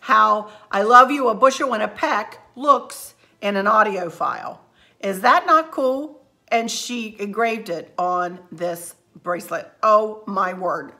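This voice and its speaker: A woman's voice: mid-range voice, takes it slowly, pushed and bright. A woman hosting a craft channel, chatting effusively and emotionally to a handheld camera at home, her throat a little scratchy. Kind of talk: casual chat to camera.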